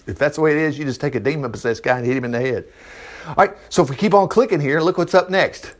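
A man's voice: fairly high pitch, expressive, fairly quick. A man giving a casual, folksy Bible teaching, chuckling and acting out the people in the story as he reads. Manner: folksy, chuckling, acts out quoted voices. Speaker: preacher.

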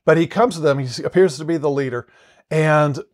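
Male Bible teacher, slightly higher register, earnest and explanatory, loose delivery with frequent restarts. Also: normal speed.

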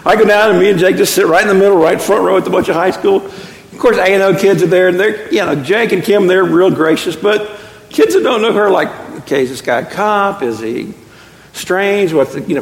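A middle-aged man preaching a sermon as pastor, an animated storyteller with quick self-deprecating asides. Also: high-pitched, vocal fry. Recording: echoey hall with long reverb.

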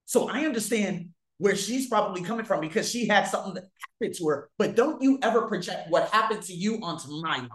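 A man telling stories to his viewers in a casual monologue, swearing freely and swinging widely in pitch and loudness. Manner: profane, animated, big swings in pitch and loudness. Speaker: vlogger. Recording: echoey room.

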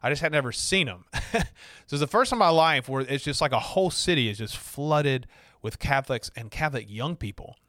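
A man's voice: mid-range voice, expressive, brisk, a bit bright, no echo, studio quality. A middle-aged man from Alabama with a Southern accent, casually telling a personal story, chatty and full of fillers and restarts.

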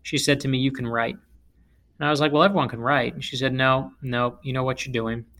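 A man who is an author, from South Florida, telling stories in an interview in an emphatic, animated way. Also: mid-range voice, brisk. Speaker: author and guest speaker. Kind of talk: interview storytelling.

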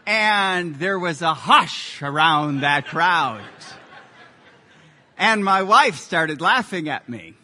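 Male pastor, sermon, high, bright voice, animated storyteller. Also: slow pace, long pauses, big-room sound. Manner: animated storytelling with lively sports anecdotes.

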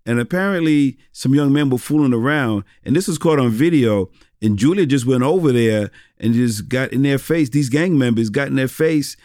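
A middle-aged man who is a pastor tells stories in an easygoing interview. He rambles with many fillers and restarts in a mid-pitched voice. The sound is dry and close. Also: moderate pace, few pauses, a little mellow, dry recording. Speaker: pastor and former rapper. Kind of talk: casual interview storytelling.

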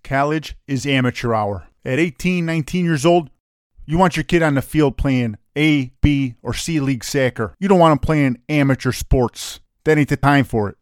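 A man's voice: mid-range voice, normal speed, smooth, dry recording, studio quality. A man with a brash, profane, opinionated way of talking, casually co-hosting a soccer chat. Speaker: soccer podcast co-host.

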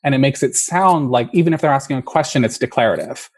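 A man's voice: medium pitch, fast, darkish tone. A man talking as a podcast guest about his work as a linguist, explaining ideas in a loose, storytelling way. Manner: explanatory, storytelling, frequent "like" fillers. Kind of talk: casual interview chat.

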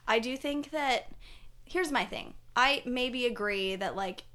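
A young adult woman co-hosting a casual pop culture podcast, talking in a chatty, animated way with lots of fillers. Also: a little high, slow. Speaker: podcast co-host.

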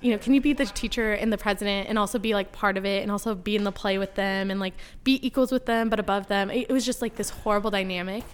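A young woman, a podcast guest, telling stories in casual chat, full of "like" and quick laughs. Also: mid-range voice, clean tone. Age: young adult. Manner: animated, heavy use of "like", laughs while telling stories.

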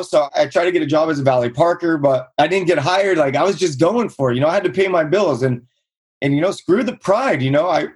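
A man in his thirties from Southern California, telling his own story in a casual interview and acting out quotes with a raised voice. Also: slightly rough. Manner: energetic storyteller, acts out quotes in higher voice. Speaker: guest, real estate investor.

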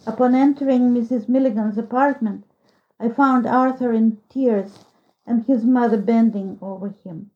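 A woman narrating a story as an audiobook reader, in a slow, measured storytelling manner, on a dull lo-fi recording. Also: a little high, steady tone. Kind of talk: scripted narration.

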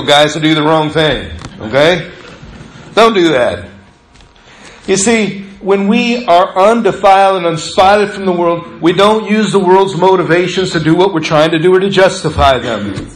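A man's voice: high-pitched, fairly bright tone, roomy sound, poor audio. A middle-aged male pastor preaching a sermon, telling stories in a conversational way and acting out the voices of the people he quotes. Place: church sanctuary.

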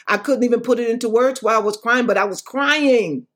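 A woman's voice: fairly high pitch, fairly quick. Woman evangelist, impassioned testimony, preacher-like cadence, emphatic repeats. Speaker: evangelist and author guest.

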